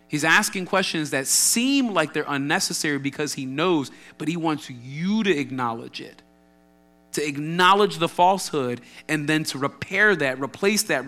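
A man's voice: on the high side, sharp tone. A man preaching a sermon, emphatic, asking rhetorical questions and acting out quotes.

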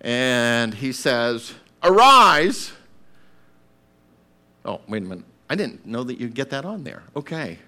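A man preaching a sermon, acting out voices and breaking into shouted calls to get up. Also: mid-range voice, lively intonation, normal speed, few pauses.

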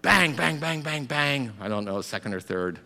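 Animated, bright-voiced male preacher. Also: medium pitch, normal speed, creaky. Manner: dramatic, acting out voices with shouted exhortations. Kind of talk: sermon.

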